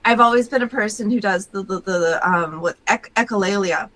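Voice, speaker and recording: A woman's voice: mid-range voice, fairly quick, fairly bright tone, poor audio. A young adult woman hosting a podcast, talking casually and chattily with many fillers. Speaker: podcast host.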